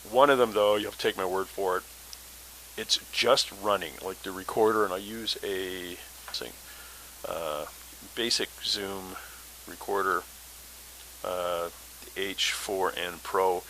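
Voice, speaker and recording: A man's voice: low-pitched, steady tone, takes it slowly, long pauses, sharp tone, a little hiss or hum, low-quality recording. A man hosting a paranormal podcast, telling his story in a casual, rambling way with many fillers.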